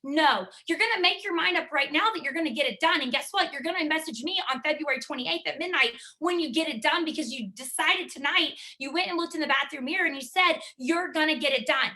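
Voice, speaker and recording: A woman's voice: sits high, fast talker, hardly any pauses, pushed and bright. A woman giving an emphatic motivational talk to her team over a video call, driving home her points with repetition. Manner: emphatic, driving, repeats key words.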